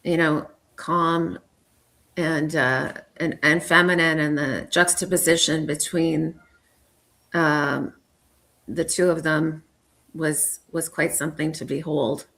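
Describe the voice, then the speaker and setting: A woman hosting a casual interview, speaking in a measured, thoughtful way and reading out viewer comments. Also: low voice, fairly even intonation, a bit bright. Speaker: host.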